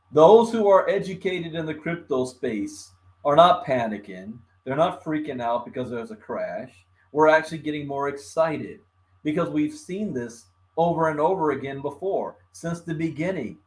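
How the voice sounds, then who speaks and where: A man's voice: on the high side, lively intonation, unhurried. A man from Los Angeles hosting a casual live stream about crypto. His mouth is numb from the dentist, so he talks with a slight lisp, and he greets viewers by name and chuckles often. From Los Angeles, California.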